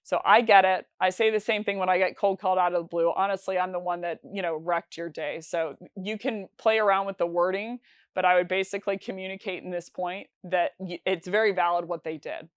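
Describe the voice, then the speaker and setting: A woman's voice: lowish voice, fairly even intonation, a little fast, clear, resonant tone, no echo. A woman teaching sales calls in a conversational, instructional talk, with frequent fillers and restarts. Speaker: sales trainer.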